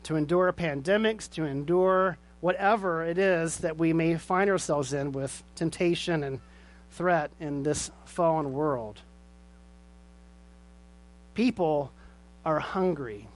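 High-pitched guy preaching, earnest, asks the crowd questions. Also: slow. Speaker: pastor. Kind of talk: sermon and closing prayer.

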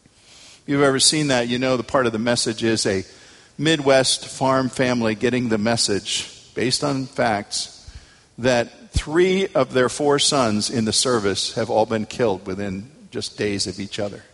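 A pastor preaching a sermon, telling stories dramatically and building to emphatic peaks. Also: male voice, mid-range voice, measured pace, fairly bright tone. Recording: long hall reverb.

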